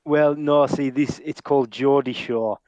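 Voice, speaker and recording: A man's voice: mid-range voice, steady tone, unhurried, a little mellow, dry recording. A man with a northern English accent chatting casually on a podcast, hesitant with frequent restarts and laughs. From northern England. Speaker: podcast co-host. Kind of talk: casual chat.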